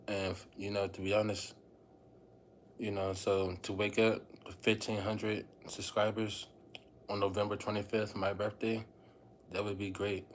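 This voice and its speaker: A man's voice: on the low side, level tone, measured pace, a little hiss or hum. A man casually talking to his viewers on a livestream, rambling and repeating phrases as he addresses them directly.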